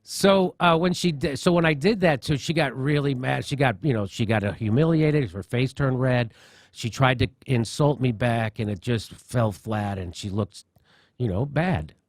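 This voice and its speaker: A man's voice: medium pitch, moderate pace, dry recording. A male talk-show host telling a story in a mocking, profane way. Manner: profane, mocking, laughs at own jokes.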